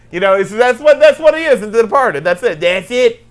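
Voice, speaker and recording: A man's voice: very high-pitched, expressive, a little fast. A man co-hosting a comedy talk show, joking around in loose banter and laughing often.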